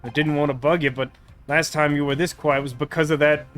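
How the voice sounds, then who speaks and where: A man's voice: fairly high pitch, fairly even intonation, fairly quick, fairly bright tone, close to an everyday voice. A man voicing a chatty young woman stylist, using a shaky put-on British accent. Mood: concerned. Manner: friendly, gossipy, concerned.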